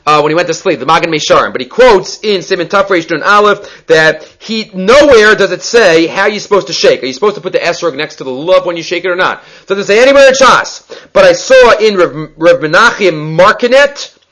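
A man teaching a Talmud class, explaining briskly and repeating key phrases as he goes. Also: high voice, sharp tone.

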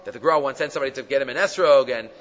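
A man teaching a Talmud class reads the text slowly in a near-chant, then explains it in casual English full of fillers and rhetorical questions. His medium-pitched voice has a fairly bright tone, and the dull audio has a big-room sound.

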